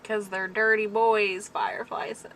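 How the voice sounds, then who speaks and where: A woman's voice: medium pitch, flat delivery, measured pace, fairly bright tone, slight background noise. A woman hosting a casual livestream, chatting with viewers, telling stories and reading comments aloud, laughing often. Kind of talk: casual chat.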